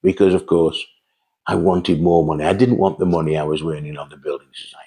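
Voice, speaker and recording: A man's voice: sits low, steady tone, fairly quick, dark tone. An older man telling rambling, chatty anecdotes about his early sales days. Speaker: host telling sales stories. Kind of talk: casual storytelling monologue.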